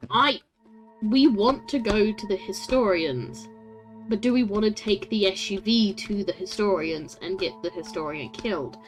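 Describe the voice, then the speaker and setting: A woman's voice: medium pitch, lively intonation, a little slow, faint music behind. A woman streaming a story game, chatting with her viewers, laughing often and swearing casually.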